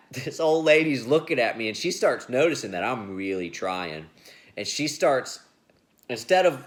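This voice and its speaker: A man's voice: mid-range voice, fairly bright tone. An adult man telling a story in a casual, rambling monologue, laughing often and restarting sentences as he hosts his show.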